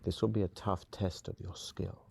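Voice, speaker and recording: A man narrating a fantasy adventure game in the second person, calm and even. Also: deep voice, moderate pace, creaky, slight background noise.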